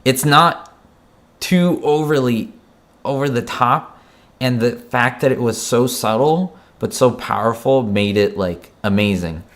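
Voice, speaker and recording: A man's voice: mid-range voice, measured pace, a bit bright. A man giving a casual spoken film review, passionate and frank, often repeating words and asking "right?" as he goes.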